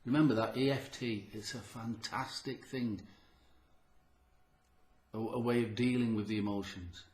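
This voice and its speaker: A man's voice: medium pitch, fairly even intonation, a little slow, a little mellow, reverberant. A man giving an earnest, emphatic motivational talk to camera about his health, repeating key phrases and sounding short of breath. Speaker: health vlogger.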